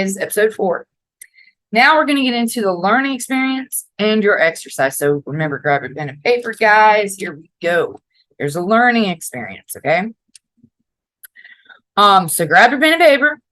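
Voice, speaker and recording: A woman's voice: medium pitch, a bit bright, dry recording, rough recording. A woman from Florida with a mix of New York and Southern accent, hosting a casual advice podcast in a blunt, direct way and swearing freely. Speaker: podcast host.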